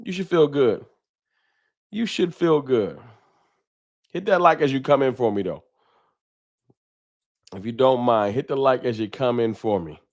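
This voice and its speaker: A man with a mid-range, darkish voice hosts a casual live stream from a room at home with a sign on the wall. He speaks unhurriedly into a desk microphone, leaving long pauses as he greets viewers by name in loose slang.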